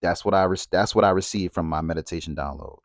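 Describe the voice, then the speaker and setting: Man, lowish voice, dry close sound, reflective talk peppered with "right?". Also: fast, dry recording. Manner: conversational, asks rhetorical questions and checks in with "right?"; repeats phrases for emphasis. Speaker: speaker on relationships and spirituality. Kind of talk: reflective spoken monologue.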